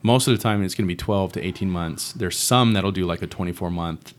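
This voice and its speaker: A man with a very low, deep voice, chatting as a podcast guest. He sounds loose and slangy, tossing in dude and bro as he explains things. It is a casual, easygoing conversation. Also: fairly quick. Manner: laid-back and slangy, says dude and bro. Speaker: guest, real estate investor.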